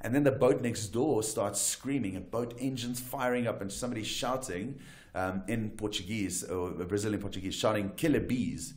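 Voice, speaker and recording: A man from South Africa, a wildlife guide and photographer, telling adventure stories as a talk show guest with lively, restart-filled delivery. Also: lowish voice, normal speed. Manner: animated storyteller, frequent restarts and "right?". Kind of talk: casual storytelling interview.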